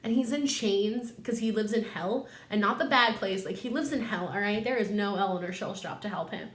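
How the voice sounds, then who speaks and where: A woman's voice: mid-range voice, moderate pace. Rambling woman vlogger, echoey room. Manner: rambling, filler-heavy slang. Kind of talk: casual comic retelling of a story.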